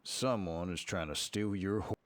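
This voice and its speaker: A man giving scripted second-person narration for a game in a measured, even way. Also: sits low, no echo, lightly acted.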